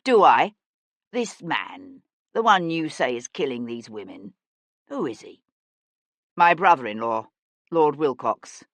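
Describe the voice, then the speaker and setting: A woman's voice: sing-song, slow, creaky, long pauses, no echo, full character voice. A woman voicing an intense young nobleman. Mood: bitter. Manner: low, urgent, swearing in anger. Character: intense young male aristocrat detective, earnest.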